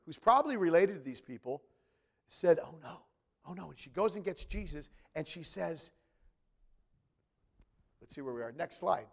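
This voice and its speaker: Guy preaching, kinda high voice, acts out the quotes, talks right to the crowd. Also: moderate pace, vocal fry, pauses often. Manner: animated storytelling, acting out quoted voices, talking to the congregation. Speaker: pastor. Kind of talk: sermon.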